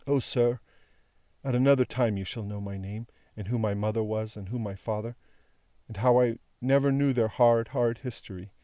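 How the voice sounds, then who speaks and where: A man's voice: medium pitch, normal speed, warm tone, no echo, clean studio sound, natural voice. A man reading the part of a young woman who speaks tenderly and imploringly. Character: tender young woman pleading with her father.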